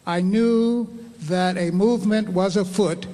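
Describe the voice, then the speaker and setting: An older man on a panel, answering in a measured, factual way. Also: high-pitched, fairly even intonation, warm tone. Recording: reverberant hall.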